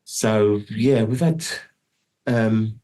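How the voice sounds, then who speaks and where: A man's voice: lowish voice, very slow, dark tone. A middle-aged man telling a long story in a casual interview, rambling and restarting often. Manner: rambling, full of restarts and "do you know what I mean". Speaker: guest musician.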